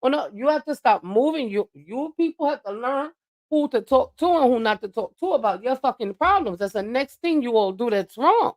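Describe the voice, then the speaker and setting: A woman's voice: high voice, expressive, moderate pace, darkish tone. A woman livestreaming a blunt, profane monologue that lectures her viewers. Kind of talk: ranting live-stream monologue.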